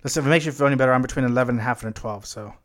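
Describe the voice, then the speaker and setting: Talking very fast in a mid-range, fairly bright voice, this young American podcast co-host keeps the chat casual and relaxed, swearing and rambling a little.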